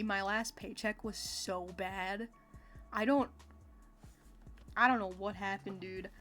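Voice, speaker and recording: A woman livestreaming a video game, chatting casually with her viewers in a giggly, expressive, playfully complaining way. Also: mid-range voice. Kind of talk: casual gameplay chat with viewers. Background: faint game music.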